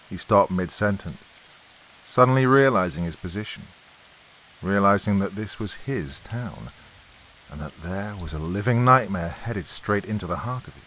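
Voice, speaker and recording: A man with a low voice reads a horror story aloud as host. His telling is dramatic and lively, leaning into each scene. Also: normal speed, poor audio. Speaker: host and narrator.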